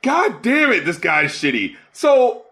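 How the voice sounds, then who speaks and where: A man co-hosting a podcast in casual chat, heated and profane, his voice climbing into shouts when angry. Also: high-pitched, huge pitch swings, slow, creaky. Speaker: podcast co-host.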